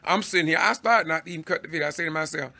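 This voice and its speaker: A man's voice: fairly high pitch, racing, vocal fry, pushed and bright. A man from Georgia with a Southern accent, hosting a Facebook Live commentary in a preachy, exhorting way, laughing in exasperation. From Georgia, USA. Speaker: citizen news host.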